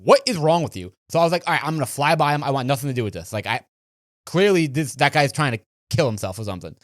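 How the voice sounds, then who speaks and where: A man's voice: mid-range voice, animated, fast talker, dry recording, studio quality. A man co-hosting a podcast, telling a road story in casual chat, acting out quotes with frequent restarts. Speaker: podcast co-host.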